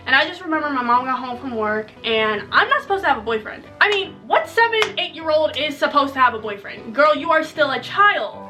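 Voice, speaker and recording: Chatty young woman vlogger, bright voice. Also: sits high, lively intonation, brisk, hardly any pauses, far from the mic, faint music behind, low-quality recording. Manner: chatty, joking, says "okay?" often. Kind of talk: casual storytelling to viewers.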